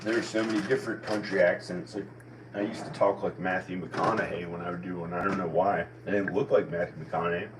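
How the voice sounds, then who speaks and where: A man's voice: sits low, fairly even intonation, a little fast. A man in his forties with an American country accent, musing in a meandering, self-questioning monologue full of restarts. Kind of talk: rambling personal monologue. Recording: distant mic with faint background noise.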